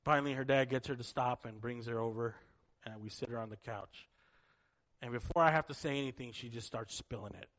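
Animated male preacher telling a story. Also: medium pitch, brisk. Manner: animated storyteller, swelling to emphatic peaks. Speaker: pastor. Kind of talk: sermon with storytelling and prayer.

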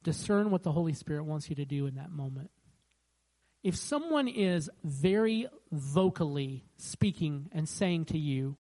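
The recording quality is low as a pastor preaches at normal speed in a mid-range voice. He keeps it conversational and lively, restarting lines frequently and acting out the voices of those he quotes.

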